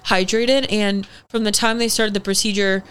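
A young woman, a podcast guest, telling a personal story in casual chat, animated and swearing freely, acting out the people she quotes. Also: medium pitch, moderate pace, clean tone. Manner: acts out the people in her story.

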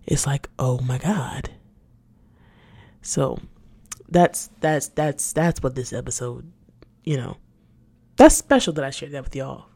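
A woman's voice: deep voice, darkish tone, no echo, studio quality. A woman hosting a casual solo podcast, talking candidly and animatedly, laughing often and repeating words as she searches for them. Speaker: podcast host.

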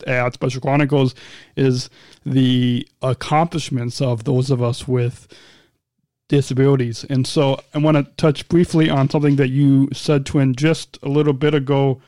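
Mellow-voiced male podcast host. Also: mid-range voice, dry recording, clean studio sound. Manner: halting, many restarts and repeated words. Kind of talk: casual interview.

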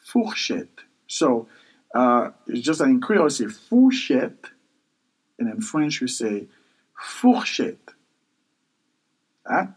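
A man's voice: mid-range voice, normal speed, poor audio. A man teaching kitchen vocabulary, patiently repeating each word several times and spelling words out for learners. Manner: self-correcting and spelling words out. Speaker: language teacher.

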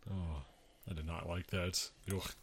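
Man, lowish voice, co-host in a casual chat, quick reactions. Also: fairly even intonation, slightly rough. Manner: quick short reactions and laughs.

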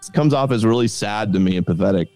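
A man's voice: lowish voice, fast talker, a little mellow, no room sound, faint music behind. A man on a played debate stream, speaking in a blunt and scornful way. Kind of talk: debate call-in.

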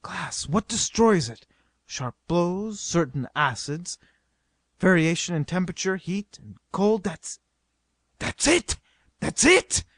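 A man's voice: high-pitched, expressive, a little slow, no echo, clean studio sound. Give me an eager young adventurer, brooding then bursting out, played by a man. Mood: excited. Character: excitable young male adventurer.

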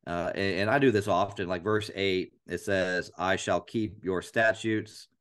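A man co-hosting a podcast, talking about scripture in an earnest, animated way and repeating phrases aloud to show a point. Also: low voice, measured pace. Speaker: podcast co-host. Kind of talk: casual Bible discussion.

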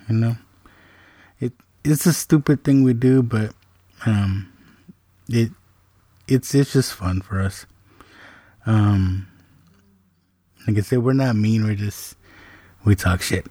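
Middle-aged dude rambling slow about his family, lots of ums, dry close sound. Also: fairly low pitch, dry recording. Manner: relaxed, rambling with many fillers. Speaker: podcast host. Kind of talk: casual storytelling.

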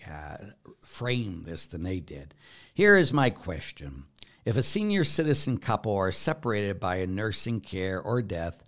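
Catholic priest guy answering questions, kinda low voice, chatty teaching, asks himself stuff then answers it. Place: broadcast to viewers.

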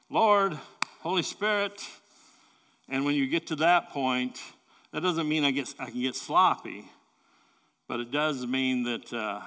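Bright-voiced preacher in a reverberant hall. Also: male voice, medium pitch, creaky. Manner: earnest, halting, repeats words while building a point. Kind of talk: sermon. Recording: long reverb of a large hall.

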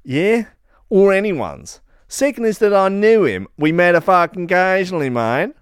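Give me a man playing a brash, swearing Australian old academic, raised pitch and smooth tone. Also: expressive, normal speed, no room sound, studio quality. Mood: gruff. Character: blunt, sweary elderly male academic with a put-on Australian twang.

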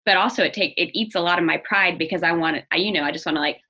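A young woman with a bright, somewhat husky voice talks earnestly and openly in a personal conversation. She grows animated when she talks about anger. The recording sounds dull and lo-fi. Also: on the low side, racing. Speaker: guest. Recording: dull lo-fi audio.

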